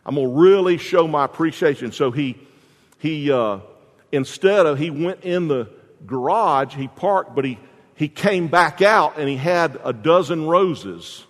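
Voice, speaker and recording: A man's voice: on the high side, expressive, takes it slowly, in a large hall. A man preaching a sermon as a pastor, telling stories in a folksy way with frequent restarts. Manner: folksy storytelling with repeated restarts.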